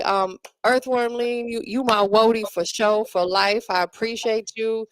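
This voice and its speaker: A woman hosting a casual online listening party, upbeat and full of shout-outs. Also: a little high, steady tone, unhurried, hardly any pauses, no echo. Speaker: host. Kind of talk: casual chat.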